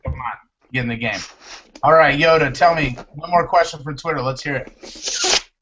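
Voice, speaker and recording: A man's voice: a little high, normal speed, highs cut off, noisy background. A man hosting a casual show, joking playfully with his guests. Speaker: show host. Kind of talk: casual chat.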